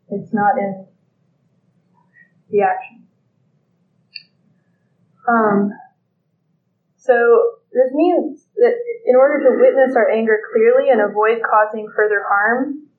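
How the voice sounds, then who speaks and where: A teacher lecturing slowly and thoughtfully, pausing often with fillers. The sound is thin and phone-like, with a roomy echo and a faint hiss underneath. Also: medium pitch. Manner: thoughtful, halting, many pauses and fillers. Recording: echoey, phone-like lo-fi with faint noise.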